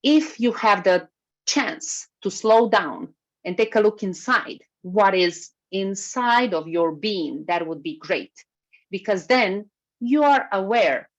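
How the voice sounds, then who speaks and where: A woman giving a workshop talk over a video call, speaking in a lively way and moving as she talks. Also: medium pitch, takes it slowly. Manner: lively, moves while speaking. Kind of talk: webinar talk. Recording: slightly muffled video call recording.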